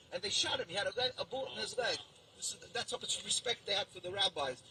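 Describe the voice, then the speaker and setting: A man being interviewed at a protest, talking emphatically with halting restarts, recorded outdoors in the street. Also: sits high, background noise.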